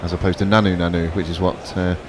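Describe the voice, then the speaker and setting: A man's voice: low-pitched, flat delivery, quick pace, noisy background. A man co-commentating on cricket radio. He chats informally and drops in asides. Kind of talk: casual cricket radio chat.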